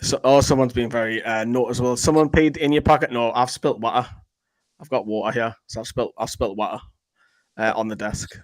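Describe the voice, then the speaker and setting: A man's voice: mid-range voice, steady tone, no room sound, rough recording. A man co-hosting a fan channel, reading viewer comments in rambling casual chat. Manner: chatty, rambling, quick to joke.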